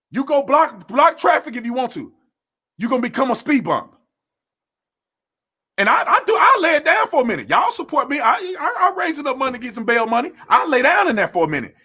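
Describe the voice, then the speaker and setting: A political commentator with a very high, bright, husky voice and a forceful tone rants heatedly to camera. He is combative, blunt and slangy, speaking informally and repeating phrases for emphasis.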